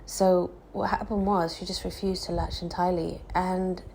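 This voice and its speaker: A young woman, a new mother, talking candidly in a casual vlog, her voice croaky and hoarse from exhaustion and lack of sleep, rambling with fillers and restarts. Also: on the low side, flat delivery, moderate pace, a little mellow, slight background noise, rough recording.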